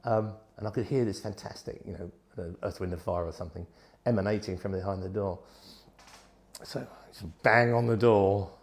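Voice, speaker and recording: A man's voice: fairly low pitch, moderate pace. Man telling stories. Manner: animated, acts out voices in his stories. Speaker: guest. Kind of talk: anecdotal storytelling.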